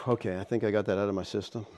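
Middle-aged pastor preaching conversationally. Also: male voice, fairly even intonation, quick pace, a little mellow. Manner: conversational, keeps asking "okay?" and "all right?"; acts out quoted people in a higher voice. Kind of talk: sermon.

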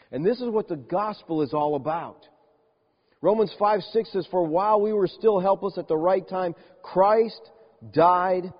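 A man preaching a sermon, emphatic, slowing down and dropping soft on key words. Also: on the high side, slightly rough. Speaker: pastor. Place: church sanctuary. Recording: dull lo-fi church recording with long reverb.

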